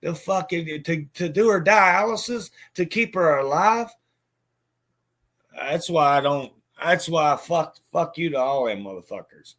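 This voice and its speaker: A man's voice: on the high side, lively intonation, measured pace, fairly bright tone. A man telling a personal story in a bitter, profane way, with lots of stammered restarts. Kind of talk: casual spoken monologue.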